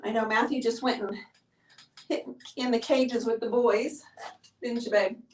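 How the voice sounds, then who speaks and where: A woman's voice: on the high side, fairly even intonation, unhurried, darkish tone, slight background noise. A woman hosting a live painting tutorial, chatting upbeat with viewers while she works and sounding out of breath. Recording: voice heard from a distance.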